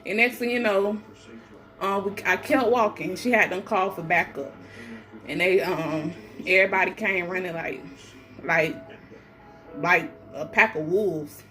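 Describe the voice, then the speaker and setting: A woman's voice: lowish voice, measured pace, sharp tone, faint music behind. A pregnant woman telling her own story in casual talk. She is blunt and defiant, swears freely, and acts out other people's lines in shifted voices. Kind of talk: casual first-person storytelling.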